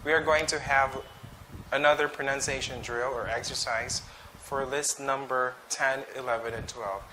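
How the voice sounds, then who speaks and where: A man teaching an English pronunciation drill, saying each word slowly and twice with short explanations. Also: mid-range voice, steady tone, sharp tone, slight background noise. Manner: slow, deliberate, repeats each word twice.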